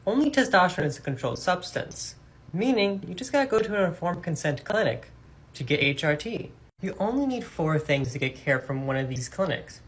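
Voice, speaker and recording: A woman with a husky voice giving matter-of-fact advice in an instructional video. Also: on the low side, sing-song, a little fast.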